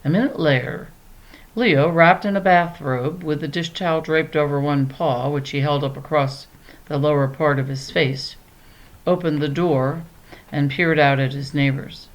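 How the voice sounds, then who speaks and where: A woman narrating a children's storybook in a calm, measured way. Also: deep voice, highs cut off. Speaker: audiobook narrator.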